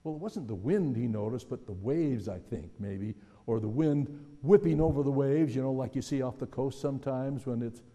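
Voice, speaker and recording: A man's voice: medium pitch, normal speed, hardly any pauses, warm tone. Conversational man preaching in a reverberant hall. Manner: conversational, musing, asks the audience questions. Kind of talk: sermon.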